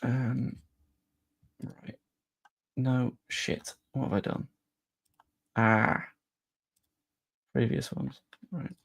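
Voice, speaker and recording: A young man talks in a loose, rambling live-stream chat, his mid-pitched voice often dropping into a gravelly fry. He drifts between topics with offhand, self-mocking remarks. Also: little pitch movement, very slow, long pauses. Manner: rambling, chatty, self-deprecating asides. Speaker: football channel streamer.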